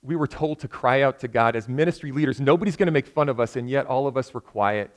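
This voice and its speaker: A man's voice: mid-range voice, fast. A man preaching a sermon in a church, telling a story earnestly and building to impassioned appeals, with frequent restarts.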